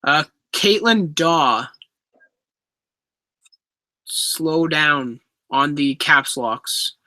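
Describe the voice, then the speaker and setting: Bright-voiced young man chatting. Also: fairly high pitch, lively intonation, drawn-out words, no room sound. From Canada. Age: 20s. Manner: chatty, apologetic, easily laughing. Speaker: livestream host. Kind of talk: casual livestream Q&A, reading chat aloud.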